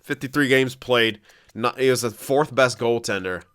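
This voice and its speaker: A young man with a smooth, clear, mid-pitched voice talks through his hockey video game as he plays. He thinks aloud, gets excitable and swears freely. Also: normal speed. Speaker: gaming commentator. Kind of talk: casual gameplay commentary.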